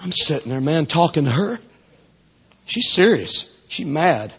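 A man with a Southern US accent preaching a storytelling sermon, folksy and animated, dropping to a hush and then rising loud. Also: a little high, a little slow, slightly rough. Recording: dull lo-fi recording.

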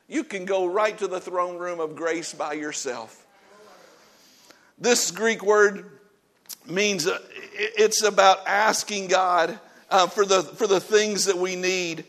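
A male pastor delivers a sermon in an easygoing, talkative way, his voice sitting a touch high. He laughs at himself now and then and moves between soft, low stretches and loud bursts of emphasis. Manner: conversational preaching with laughter and self-deprecating asides.

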